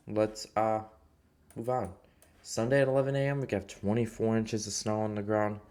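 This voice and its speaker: A man's voice: fairly low pitch, darkish tone. A man casually talking through weather forecast maps, rambling with many fillers and restarts. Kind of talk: casual weather map walkthrough.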